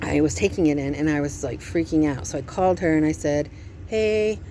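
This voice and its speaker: A woman with a slightly low voice records a candid vlog from a parked vehicle. She sounds overwhelmed and anxious, rambling and jumping between topics. Faint background noise hums behind her. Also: steady tone, quick pace, warm tone. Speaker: vlogger.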